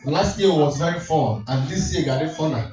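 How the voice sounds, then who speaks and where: A man's voice: on the high side, brisk, distant mic. A man hosting a community party, teasing the crowd playfully as he mixes English and Igbo. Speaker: event host. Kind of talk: joking emcee banter at a party. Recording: echoey hall, mic from afar, dull sound with loud music.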